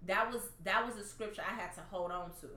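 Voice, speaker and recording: A woman telling an emotional faith testimony in casual conversation, animated and laughing at times. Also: mid-range voice, fairly quick. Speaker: guest sharing testimony. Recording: echoey room, faint noise.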